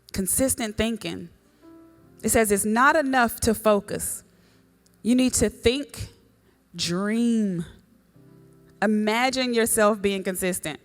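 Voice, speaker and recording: Woman rallying a group in a hall. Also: medium pitch. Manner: preachy call-and-response, rallying the audience. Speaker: women's mentor and coach. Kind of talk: motivational faith talk to a live group. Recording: long hall reverb.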